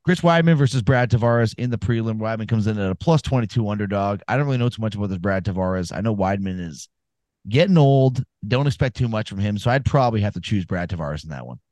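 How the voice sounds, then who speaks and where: A man's voice: lowish voice, animated, fast, darkish tone, dry recording. A man co-hosting a casual sports podcast, telling rambling, profane stories and giving fight picks. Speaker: podcast co-host.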